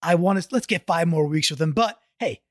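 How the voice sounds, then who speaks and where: Excitable high-voiced man chatting football. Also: a little fast, dry recording, clean studio sound. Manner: excitable, jokey, many restarts. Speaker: podcast co-host. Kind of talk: casual sports podcast chat.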